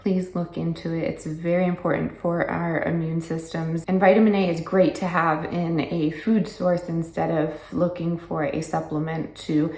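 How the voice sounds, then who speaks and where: A woman's voice: deep voice, little pitch movement, normal speed, hardly any pauses, a little mellow. A pregnant young woman, out of breath, chatting enthusiastically to camera about her garden and laughing often. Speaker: homesteading vlogger. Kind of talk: casual talk to camera. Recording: echoey room.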